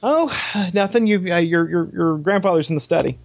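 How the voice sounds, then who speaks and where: An eager house servant stammers in a raised, high voice, as a man puts him on. The recording is dull and lo-fi. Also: brisk, creaky. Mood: nervous. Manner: hesitant, stammering.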